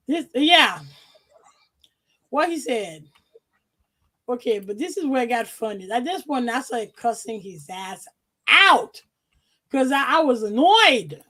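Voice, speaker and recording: A woman reading out her own emails on a podcast in a profane, animated way, laughing often. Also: high-pitched.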